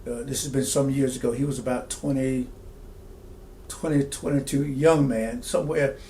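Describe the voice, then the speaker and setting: A middle-aged man, a pastor, telling a personal story slowly and reflectively, with many fillers and restarts. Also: medium pitch, fairly even intonation, warm tone, a little hiss or hum.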